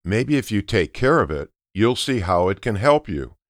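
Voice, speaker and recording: A man's voice: lowish voice, very animated, moderate pace, no echo, clean studio sound. A man voicing a kindly old farmer grandfather in a read-aloud storybook. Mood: hearty. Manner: calls out loudly.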